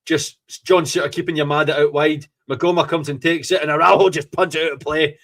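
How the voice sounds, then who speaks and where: Speaking briskly in a fairly high, slightly raised voice, the excitable Scottish fan podcast host reacts live to a football match. Every moment of the game sweeps him up as he gloats and curses without restraint.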